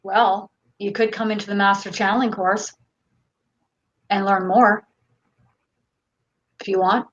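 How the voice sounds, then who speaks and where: Slow-talking Canadian woman host. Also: medium pitch, muffled recording. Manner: casual, relaxed, reads questions aloud. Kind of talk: reading viewer questions on a live stream.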